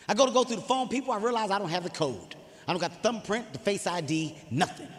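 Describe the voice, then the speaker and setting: A man's voice: high-pitched, a little fast, in a large hall, a little hiss or hum. A man doing stand-up comedy, telling exasperated stories with lots of energy. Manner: animated, exasperated storytelling.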